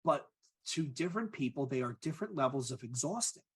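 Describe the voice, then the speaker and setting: A man's voice: medium pitch, expressive, a little fast, husky. A man in his forties, a podcast co-host and agile coach, telling stories in a candid, self-mocking way in casual chat. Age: 40s.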